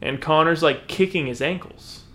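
In casual podcast chat, a host with a voice on the high side recounts a funny story at a moderate pace. He's animated and laughs often, acting out the voices of the people in his quotes.

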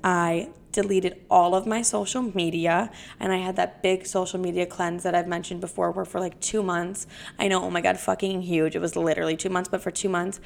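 A woman's voice: fairly low pitch, level tone, fairly quick, gravelly. A young woman podcast host and comedian telling a personal story in a casual, profane, confessional way. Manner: profane, confessional, chatty with frequent "like" fillers.

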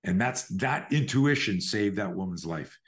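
A man's voice: lowish voice, animated, normal speed. A middle-aged man, a self-defense instructor guesting on a podcast over a remote call, talks animatedly and profanely, acting out scenarios as he explains. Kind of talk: conversational podcast interview.

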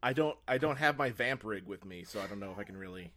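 A man's voice: on the low side, lively intonation, fast talker, fairly bright tone. A man co-hosting a comedy podcast, chiming in with sarcastic jokes. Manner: sarcastic, playful. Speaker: podcast co-host. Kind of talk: casual comedic chat.

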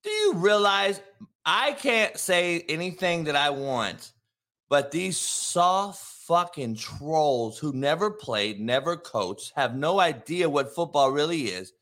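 A man hosts a live sports talk show with a high-pitched voice. His bright, cutting tone carries a combative, profane rant that swings into bursts of shouting. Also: big pitch swings, takes it slowly. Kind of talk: ranting live show monologue.

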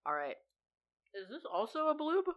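A woman's voice: a little high, big pitch swings, moderate pace, lo-fi sound. A young woman co-hosting a casual chat podcast, swearing freely and laughing often. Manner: profane, laughs loudly and often. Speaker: podcast co-host.

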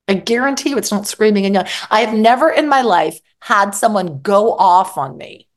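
A woman's voice: mid-range voice, expressive, moderate pace, hardly any pauses. A woman psychologist giving direct advice in an interview, acting out examples of what people say to themselves. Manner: direct, acts out quoted self-talk. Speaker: psychologist guest.

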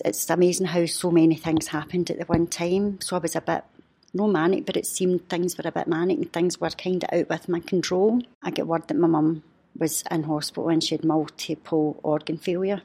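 A woman, a podcast guest telling a personal story in a heartfelt, halting way. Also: on the low side, steady tone, mellow, husky. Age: 50s.

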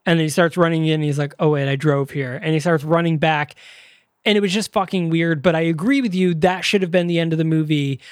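A man's voice: on the high side, fast talker, dry recording, clean studio sound. A man co-hosting a podcast, reviewing a movie in casual chat and rambling with lots of fillers. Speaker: podcast co-host.

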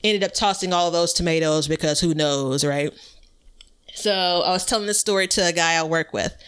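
A woman's voice: lowish voice, a little fast, fairly bright tone, clear, resonant tone. A woman co-hosting a podcast, telling a rambling story in casual chat and laughing often. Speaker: podcast co-host.

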